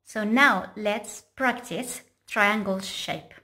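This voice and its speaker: Slow-reading woman. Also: medium pitch. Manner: gentle storytelling with questions to children. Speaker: children's book reader. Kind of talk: reading aloud a picture book to children.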